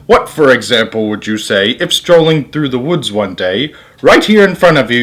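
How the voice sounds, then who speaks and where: A man's voice: mid-range voice, fairly bright tone. A man in his twenties reading a rhyming storybook aloud in an amused, playful way. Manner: amused, breaks into laughter.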